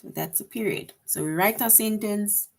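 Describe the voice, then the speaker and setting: A woman's voice: mid-range voice, normal speed, gravelly. A woman teaching a grammar lesson to young children, patient and repetitive, often checking with "right?".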